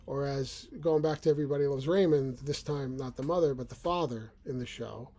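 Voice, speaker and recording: Middle-aged guy rambling at home, stumbles over words a lot, warm low-key voice. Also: fairly quick. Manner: rambling, stammers and repeats words. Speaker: channel host. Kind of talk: casual talk to camera. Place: small room at home.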